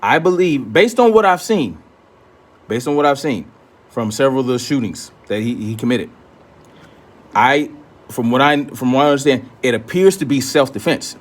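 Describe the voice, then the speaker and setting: A man's voice: medium pitch, lively intonation, normal speed. A man giving a blunt, profane, confrontational commentary, often repeating himself for emphasis. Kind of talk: ranting commentary.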